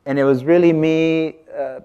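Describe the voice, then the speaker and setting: His voice is fairly high, warm, and smooth, with fairly even intonation and a moderate pace, though the audio is dull. This American man gives a casual artist talk, chatting, cutting himself off mid-sentence, and quizzing the audience.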